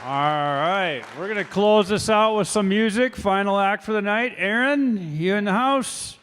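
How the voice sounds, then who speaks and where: A man's voice: high voice, unhurried, fairly bright tone, some chatter behind, slight background noise. A man hosting an open mic, upbeat as he calls the next act to the stage. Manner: upbeat, calling acts to the stage. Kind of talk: emcee announcing acts.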